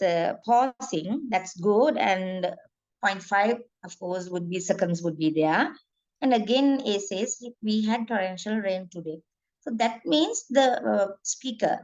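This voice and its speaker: A woman's voice: mid-range voice, darkish tone. Woman lecturing over a muffled call. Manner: frequent fillers and checking questions. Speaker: teacher. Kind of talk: online lecture.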